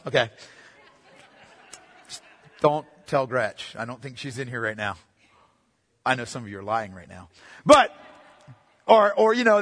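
Man, pastor, husky high voice, emphatic repetitive sermon, reverberant church hall. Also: fairly bright tone. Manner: emphatic, repeats points, asks the congregation questions. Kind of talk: expository sermon. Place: church sanctuary.

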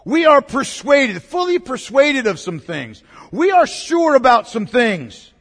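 Animated pastor preaching in a hall. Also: male voice, extremely high pitch, unhurried, husky. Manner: emphatic, repeats key words, asks the congregation questions. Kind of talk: sermon. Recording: long reverb of a large hall.

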